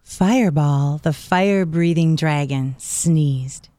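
A woman narrating a children's storybook in a gentle, clear and expressive way. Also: low voice, takes it slowly, very noisy. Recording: dry studio voice.

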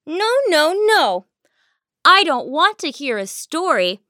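A woman's voice: high voice, big pitch swings, slow, pushed and bright, no room sound, clean studio sound, heavily acted. A woman voicing a stubborn, childish young mother in a children's cartoon, whining and pleading. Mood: whiny.

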